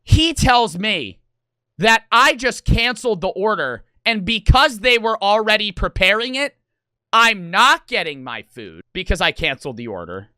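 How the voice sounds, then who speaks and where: A young man streamer telling an animated story, excitable, swearing a lot and talking in rapid, emphatic bursts. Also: high voice, clean tone, no room sound, studio quality. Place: gaming house room.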